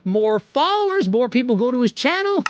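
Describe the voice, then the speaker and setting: A man's voice: very high voice, moderate pace, highs cut off, faint music behind. A fitness YouTuber, a man, ranting defensively and insistently in a vlog. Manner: animated, indignant, insistent.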